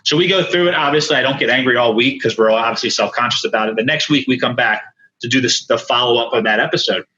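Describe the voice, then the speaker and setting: A man speaking as a podcast guest and coach, telling candid stories in an animated, earnest way with many asides. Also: mid-range voice, fast, dull audio. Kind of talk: candid storytelling in conversation.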